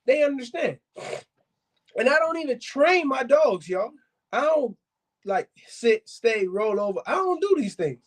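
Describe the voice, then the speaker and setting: A man with a high-pitched voice gives casual advice straight to his viewers. He is blunt and emphatic, repeating points for stress and calling his audience fam and y'all. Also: animated, moderate pace. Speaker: dog breeder and podcast host.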